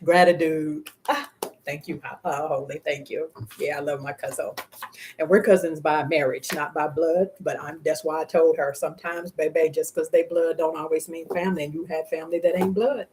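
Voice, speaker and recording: A woman's voice: deep voice, fairly even intonation, moderate pace, a little mellow, slight background noise. A woman reads tarot on a live stream. She talks in a casual, slangy way, speaking heartfelt words to the viewer and to the spirit guides. Laughter often breaks into her speech. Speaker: tarot reader.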